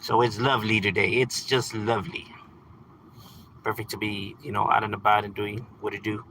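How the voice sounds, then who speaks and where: A livestream host in his thirties from California's San Fernando Valley chats casually in a laid-back, slangy style, laughing often. His voice sits fairly low with a level, sharp tone and a moderate pace. The recording is rough, with a little hiss or hum.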